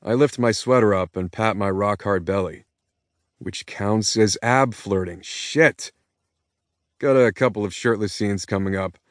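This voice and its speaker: A man's voice: fairly low pitch, unhurried, no room sound, clean studio sound. A young adult man narrating an audiobook in first person, cocky and self-mocking.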